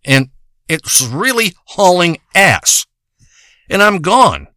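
A man with a slightly high, bright and forceful voice spins a rambling comic monologue. He swears freely and meanders from tangent to tangent, circling back on himself as he goes. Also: sing-song, slow, no echo, clean studio sound. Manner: profane, rambling, meandering storytelling.

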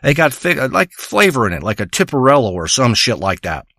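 A man's voice: mid-range voice, sing-song, brisk, creaky, pushed and bright, dry recording, clean studio sound. A man delivering a crude, rambling comic monologue, ranting and swearing as he tells a story.

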